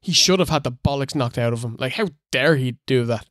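A man's voice: mid-range voice, brisk, a bit bright, no echo. Blunt, sweary male co-host, casual, dry recording. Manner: blunt, swears freely, laughs often. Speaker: podcast co-host. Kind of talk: casual wrestling review chat.

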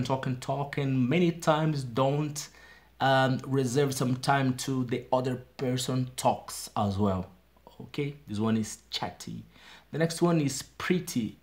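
A Brazilian man in his thirties, with a Brazilian Portuguese accent, chattily explaining English words in a casual video diary and often checking in with "okay?". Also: medium pitch. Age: 30s. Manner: chatty, self-deprecating, frequent "okay?" checks. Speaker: English learner vlogger.

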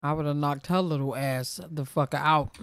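A woman's voice: low voice, steady tone, measured pace, no room sound. A woman hosting a live reaction stream, laughing and reacting bluntly in casual chat.

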